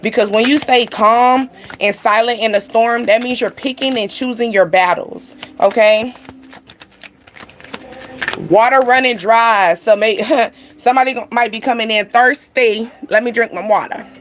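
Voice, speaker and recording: A woman's voice: on the high side, measured pace, a bit bright, a little hiss or hum. Chatty woman doing a rambling card reading. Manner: rambling, chatty, heavy use of "like" and "you know". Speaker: tarot card reader. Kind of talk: casual spiritual reading to camera.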